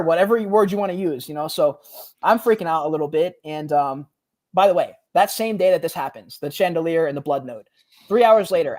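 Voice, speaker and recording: Animated young man telling a story. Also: on the high side. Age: 20s. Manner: animated, slangy, peppers speech with "bro" and "like". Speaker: podcast co-host. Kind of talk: casual storytelling.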